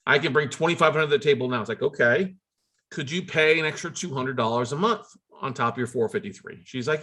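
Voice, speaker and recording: A man telling a long story in a conversational way, acting out phone calls with sudden jumps up in pitch and often restarting his words. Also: fairly quick, sharp tone. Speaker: note investor telling a story.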